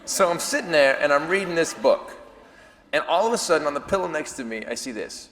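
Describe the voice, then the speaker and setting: Middle-aged comedian guy on stage, high voice jumping all over, live hall with crowd noise. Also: brisk. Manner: loud, animated storytelling with shouted punchlines. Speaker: stand-up comedian. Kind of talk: stand-up comedy set.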